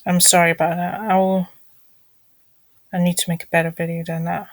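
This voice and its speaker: Low, flat-voiced woman vlogger. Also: a little fast, dry recording, low-quality recording. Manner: apologetic, mutters irritated asides under her breath. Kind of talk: casual screen walkthrough.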